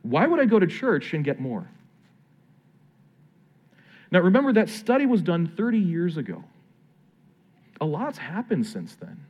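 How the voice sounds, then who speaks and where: A man preaching a sermon with a fairly high voice that swings widely in pitch. He speaks like a pastor addressing his congregation, conversational and earnest, slowing down to stress key phrases. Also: huge pitch swings, dull audio.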